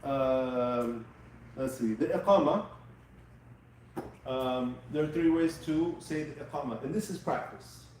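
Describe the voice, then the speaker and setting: Male teacher, patient lecturing style, mellow tone, echoey room heard from a distance. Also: medium pitch, takes it slowly, a little hiss or hum. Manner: patient, checks with students. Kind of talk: live class teaching. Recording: echoey room, mic far off.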